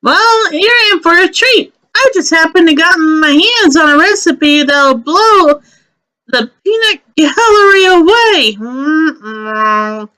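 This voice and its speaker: A woman's voice: extremely high pitch, expressive, slow pace, pushed and bright, voice pushed up, full character voice. A woman reading a game story aloud, voicing a busy, friendly male rabbit courier who is breezy, eager and a little boastful.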